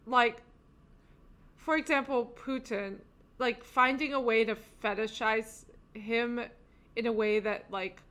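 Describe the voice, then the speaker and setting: A woman's voice: on the high side, fairly even intonation, slow, pauses often, fairly bright tone. A woman hosting a podcast, talking casually in an agreeable way and thinking aloud. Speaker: podcast host.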